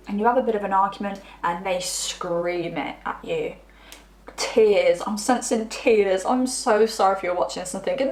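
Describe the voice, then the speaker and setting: Woman, tarot reader, middle pitch, chatty and rambling, roomy echo. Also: moderate pace, darkish tone. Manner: chatty, rambling, trips over words. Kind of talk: pick-a-card tarot reading.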